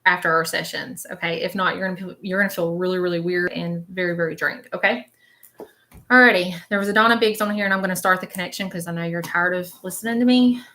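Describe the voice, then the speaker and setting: A woman's voice: lowish voice, steady tone, fast, pushed and bright. A woman leading a live-stream reading as a spiritual medium, chatty and reassuring, often checking in with her viewers.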